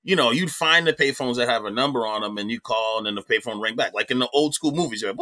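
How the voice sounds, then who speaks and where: A middle-aged man, a comedian guest, telling a personal story in animated, profane casual talk. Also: mid-range voice, quick pace.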